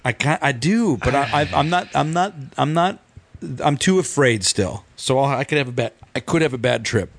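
A man's voice: mid-range voice, lively intonation, normal speed, a little hiss or hum. A man hosting a podcast, talking casually with a hesitant, stammering manner. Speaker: podcast host.

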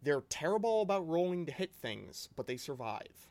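A man's voice: fairly high pitch, very animated, normal speed, a little mellow, no room sound. A man co-hosting a podcast in casual chat, mostly chiming in with short agreements. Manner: brief agreeing interjections. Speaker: podcast co-host.

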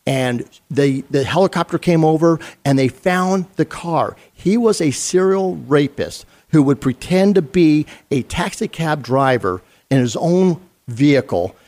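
A man's voice: fairly high pitch, lively intonation, a little slow, hardly any pauses, a little mellow. A middle-aged man, a retired police sergeant, telling a story in an interview in an earnest, conversational way with fillers and restarts.

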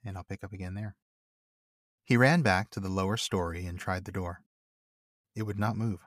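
A man with a fairly low voice co-hosts a book podcast, moving between casual chat and steady, measured reading. The recording is dry and close, with no room sound around him. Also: no room sound. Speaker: podcast co-host and reader.

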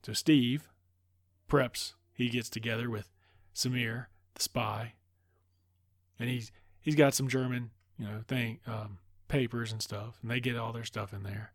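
A man loosely retelling a film plot in a casual, profane ramble. His voice sits at an ordinary middle pitch. The sound is dry and close, with no room around it. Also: steady tone, measured pace, no echo. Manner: loose, rambling, swears freely. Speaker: movie recap host. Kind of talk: casual profane movie recap.

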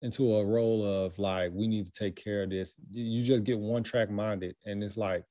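Thoughtful male podcast co-host; deep, warm tone; dry sound. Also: fairly even intonation, normal speed, no room sound. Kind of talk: casual film discussion.

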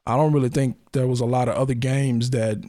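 A man's voice: medium pitch, steady tone, a little fast, dark tone, dry recording, clean studio sound. Blunt, argumentative male podcast host. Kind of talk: casual podcast chat reviewing a game.

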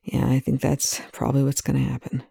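Brief: reader doing a quiet, steady male officer with a dark, gravelly tone. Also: mid-range voice, brisk, dry recording, studio quality, full character voice. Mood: calm. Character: calm male military colonel, low and steady. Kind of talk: audiobook reading of fan fiction.

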